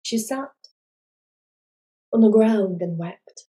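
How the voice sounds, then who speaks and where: A woman telling a folk tale in a soft, dramatic storybook narration. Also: fairly high pitch, unhurried, rough recording.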